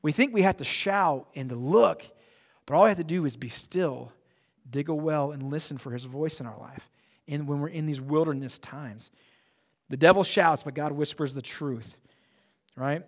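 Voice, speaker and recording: A middle-aged male pastor preaching a sermon, moving between loud declarations and hushed, near-whispered lines. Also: a little high, moderate pace.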